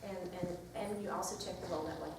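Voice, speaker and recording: A woman teacher leading a workshop, chatting lively and reading a picture book aloud to a group. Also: fairly low pitch, quick pace. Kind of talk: classroom workshop talk. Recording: echoey room from far off with noise.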